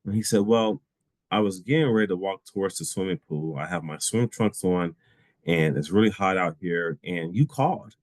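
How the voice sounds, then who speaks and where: A man's voice: sits low, normal speed, dry recording. A man leading a disability awareness training session, telling personal stories in an easygoing way with fillers. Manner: relaxed storytelling with frequent fillers and laughs.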